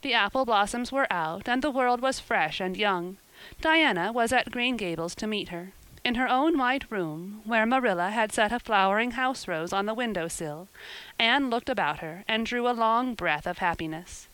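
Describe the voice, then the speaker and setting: Woman, audiobook narration, measured, gentle, smooth, slightly high. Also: expressive, no echo, rough recording. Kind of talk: scripted narration.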